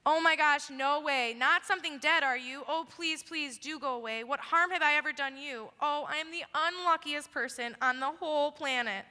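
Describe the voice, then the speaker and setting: A frightened young boy pleads in panicky bursts, as a woman reads him aloud. The voice is high and bright, with a long echo from a large hall. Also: moderate pace, few pauses.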